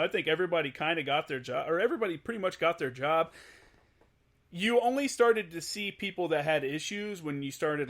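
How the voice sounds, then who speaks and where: Man, podcast host, casual blunt chat, swears a lot, higher voice. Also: a bit bright. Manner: blunt, profane, repeats words while thinking.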